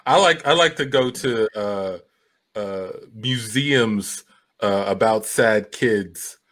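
A man joking as a podcast guest in a hesitant, deadpan way. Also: lowish voice, takes it slowly. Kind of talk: casual improv chat.

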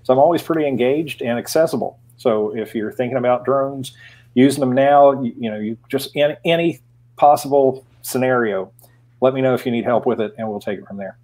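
A man's voice: medium pitch, dark tone. Playful male podcast guest. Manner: playful, halting with fillers. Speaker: podcast guest, drone consultant. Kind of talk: casual podcast chat.

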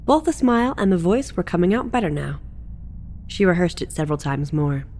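A woman narrating a story excerpt in a measured storybook reading. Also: lowish voice, expressive, darkish tone, slight background noise.

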